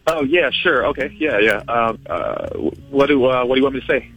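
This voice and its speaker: A male caller with a bright, tense voice who hesitates and fills his sentences with ums as he defends himself. Soft music plays underneath. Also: mid-range voice, a little fast, poor audio. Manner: hesitant, defensive, filler-heavy. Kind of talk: phone prank call.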